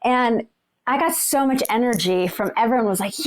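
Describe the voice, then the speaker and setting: A woman, an ultrarunner, casually telling the story of a race in a chatty, animated way. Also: a little high, moderate pace. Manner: chatty and animated, filled with "like" and "you know".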